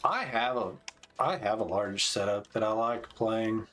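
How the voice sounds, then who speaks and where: A fairly low, fairly bright male voice, delivered a little slowly. He's in his forties and streaming a game, laid-back and chatty, calling out tactics between stories in casual gameplay commentary.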